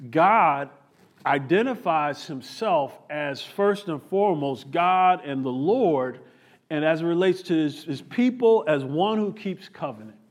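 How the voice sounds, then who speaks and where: Pastor guy preaching, fairly high voice, swings up and down a lot. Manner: animated preaching, rising and falling emphasis. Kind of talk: sermon.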